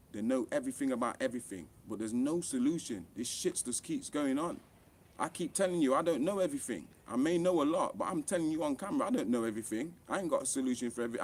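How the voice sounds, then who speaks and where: Guy ranting to camera, blunt, sweary, heated, keeps pushing up for emphasis. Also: medium pitch. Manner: heated, blunt and profane, with animated rising emphasis. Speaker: author and online commentator. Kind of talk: impassioned to-camera rant.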